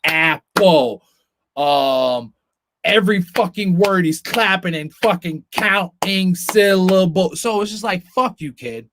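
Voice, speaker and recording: A man's voice: high voice, takes it slowly, noisy background. A young man hosting a podcast, telling a long story as a profane, ranting storyteller in casual chat. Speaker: podcast host.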